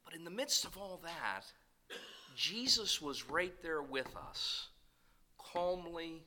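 Bright-voiced man preaching. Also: a little high, slow, low-quality recording. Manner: animated storytelling, swings between loud bursts and soft asides. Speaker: pastor. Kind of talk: sermon.

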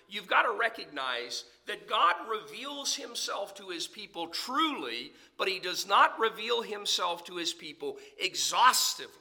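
A man preaching a sermon in church as pastor, swinging between loud emphasis and hushed near-whispers. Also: sits high, very animated, moderate pace. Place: church sanctuary.

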